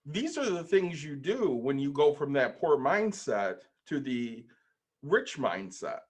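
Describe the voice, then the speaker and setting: A man co-hosting a casual podcast, explaining his points in a measured way and asking pointed questions. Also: on the high side, sing-song, husky. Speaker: podcast co-host. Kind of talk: casual chat.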